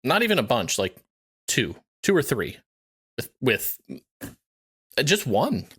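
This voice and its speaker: A man's voice: mid-range voice, very animated, takes it slowly, a bit bright, husky. A man co-hosting a podcast in casual chat, rambling, restarting his sentences, swearing and laughing often. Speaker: podcast co-host.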